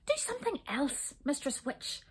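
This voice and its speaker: A woman reading a storybook aloud, voicing an excitable little boy brownie who squeaks with wonder. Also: moderate pace. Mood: amazed.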